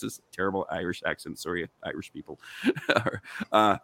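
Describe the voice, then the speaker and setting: Insistent gravelly man arguing his case. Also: deep voice, wildly swooping pitch, moderate pace, a bit bright, no room sound. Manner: insistent, argumentative, rhetorical questions. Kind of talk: heated online panel discussion.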